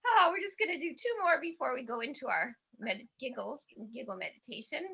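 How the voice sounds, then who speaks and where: A woman's voice: high voice, lively intonation, a little fast, vocal fry, sharp tone, breathy edge. A woman leading a laughter yoga class, bubbly and cheerful, chanting and often laughing. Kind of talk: guided group exercise class.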